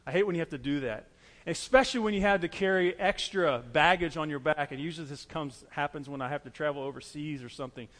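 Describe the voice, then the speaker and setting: A man's voice: a little high, fast, a bit bright, long reverb tail. A man preaching a sermon as pastor, earnest and repetitive, driving his points home with everyday illustrations.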